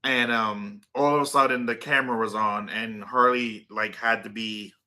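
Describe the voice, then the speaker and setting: Bright, rambling man chatting live. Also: lowish voice, steady tone, normal speed. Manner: rambling, filler-heavy, talks to his dog and chat. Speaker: livestream host. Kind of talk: casual livestream chat with viewers.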